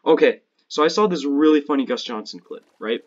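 A man cracks crude jokes and spins silly stories while he plays with a friend. His voice is husky and the recording sounds dull and lo-fi. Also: a little high, brisk. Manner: joking, crude storytelling. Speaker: gamer playing with a friend. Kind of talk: casual gaming chat.

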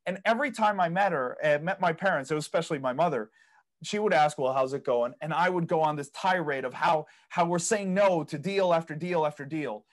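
A man's voice: fairly high pitch, brisk. A man guesting on a podcast, telling stories about property investing, acting out people's reactions and laughing at his own tales. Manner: storytelling, acts out other people's quoted reactions. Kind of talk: casual interview chat.

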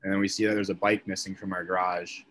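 A man's voice: deep voice, little pitch movement, fast, a bit bright, a little hiss or hum. A young man, a podcast guest, telling a story in casual chat, leaning on "like" as a filler. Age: young adult. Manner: chatty, filler-heavy, leans on "like".

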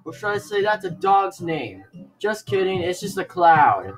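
High, lively young gamer guy. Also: a little slow, creaky. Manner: excitable, laughing, shouting reactions. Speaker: let's play gamer. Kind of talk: gameplay commentary. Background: game music.

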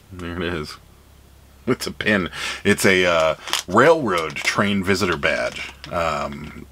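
A man's voice: low voice, sharp tone, a little hiss or hum. A man hosting a casual show-and-tell vlog about items he has sold, chatting along with dry, wry asides. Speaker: reseller host.

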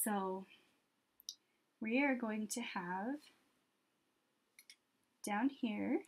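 Slow, patient woman teaching a drawing lesson. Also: mid-range voice. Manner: slow, patient, gently encouraging. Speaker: art teacher. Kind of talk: step-by-step drawing lesson for children.

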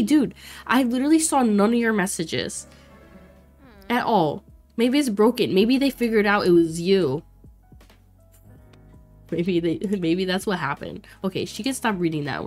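Young female streamer, casual and chatty, laughs easily, mid-pitched, faint music bed. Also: animated, normal speed. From Florida. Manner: chatty, reacts loudly, laughs often, talks to chat. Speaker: streamer playing a life sim game.

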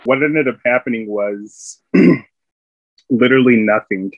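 A man's voice: mid-range voice, slow, no echo, highs cut off. A man, a Marine veteran, casually telling stories from his service, rambling with many fillers and frequent laughs. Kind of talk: casual storytelling.

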